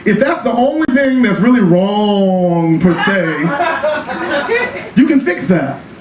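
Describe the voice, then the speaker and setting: A man with a high voice tells a flamboyant, sassy story on stage in a small cabaret club. The recording is echoey and distant, heard from across the room, with steady room noise and audience laughter around him. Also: slow. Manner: flamboyant, sassy, calls the audience child and honey. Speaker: comedian performing a one-man show. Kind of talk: live stand-up storytelling.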